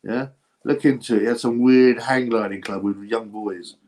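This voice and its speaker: A man hosting a casual livestream, thinking out loud as he talks. His pitch sits right in the middle range for a man. He drifts from point to point, breaks off mid-sentence and turns to greet viewers in the chat. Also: fairly even intonation, normal speed. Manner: meandering, gossipy, asks himself questions and restarts often. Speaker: boxing channel host. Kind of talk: rambling livestream chat, answering viewer comments.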